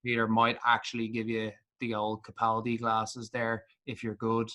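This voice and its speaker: A bright, clear-voiced man hosts a podcast. He chats casually and loosely, swearing freely and padding his talk with fillers. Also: lowish voice, completely flat delivery, normal speed. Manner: laid-back and sweary, with many fillers. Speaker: podcast host. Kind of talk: casual chat.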